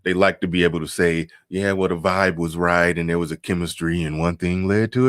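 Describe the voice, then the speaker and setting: A man with a very low voice and speech hosts a live stream, riffing loosely. He repeats his phrases, chuckles between points and reads comments aloud. The sound is close and dry. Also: steady tone, a little fast, hardly any pauses, a bit bright, dry recording. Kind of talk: casual live-stream commentary reading chat.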